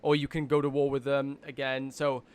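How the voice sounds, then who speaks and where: A man giving casual let's-play commentary as he plays, rambling with lots of fillers and breaking into excitement. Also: medium pitch, moderate pace, clear, resonant tone. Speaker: gaming video host.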